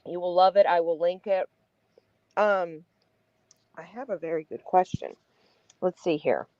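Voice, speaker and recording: A woman's voice: fairly low pitch, fairly even intonation, a little slow, no room sound, lo-fi sound. A woman hosting a podcast interview, bubbly, laughing often and swearing casually. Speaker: podcast host.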